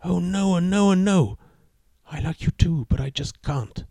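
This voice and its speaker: A man's voice: high voice, unhurried, gravelly, warm tone, slightly rough, dry recording, clean studio sound, voice pushed up, full character voice. A man voicing a nervous young woman who keeps refusing her date's pleas for a kiss, in a spoken joke. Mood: alarmed pleading. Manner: pleading, protesting.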